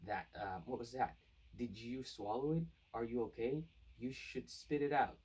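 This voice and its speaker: A man reading the lines of a worried male association employee in his own husky voice, full of anxious questions, recorded from a distance off the mic. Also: medium pitch, normal speed, darkish tone, voice pushed up, lightly acted.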